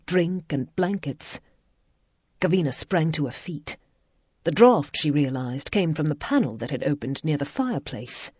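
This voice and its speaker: A woman with a low, husky, mellow voice narrates an audiobook in a measured storytelling style. The scripted narration is recorded without echo and sounds dull and lo-fi.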